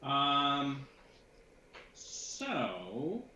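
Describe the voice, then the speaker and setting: A man's voice: mid-range voice, huge pitch swings, extremely slow, pushed and bright. A man narrating as game master for a tabletop game with his players, rambling with many fillers and restarts. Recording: echoey room, dull lo-fi sound, faint noise.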